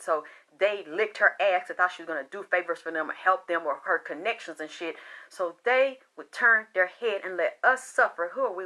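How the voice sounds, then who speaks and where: Woman reader going off, bright sharp voice, cussing and rambling, super heated. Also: on the low side. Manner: impassioned, profane and rambling. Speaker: spiritual reader. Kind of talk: casual monologue.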